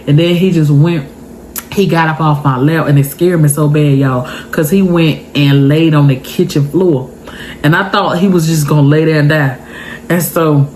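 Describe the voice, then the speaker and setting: A young woman vlogger telling a story to her viewers in a casual, animated and emotional way. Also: low-pitched, a little hiss or hum.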